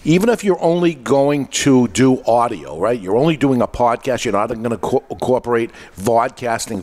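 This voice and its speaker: A man at a mid pitch hosts a podcast from a studio and explains interviewing step by step. He talks in a plain teaching way and often restarts a phrase partway through. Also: a little mellow. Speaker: podcast host. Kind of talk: instructional talk.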